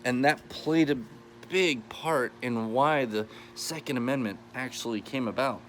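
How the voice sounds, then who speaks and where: A man's voice: mid-range voice, a little slow, a bit bright, a little hiss or hum. An American man giving a casual, rambling history explainer, restarting his sentences and chuckling as he goes. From United States. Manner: chatty, rambling, self-correcting with chuckles. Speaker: history channel host.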